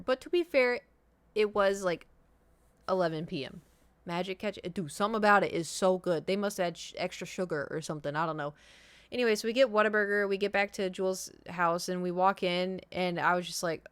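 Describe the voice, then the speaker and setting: A young woman streamer telling a travel story in a chatty, animated way, full of likes and laughs. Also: fairly low pitch, a little fast, clean tone, no room sound. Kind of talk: casual storytelling.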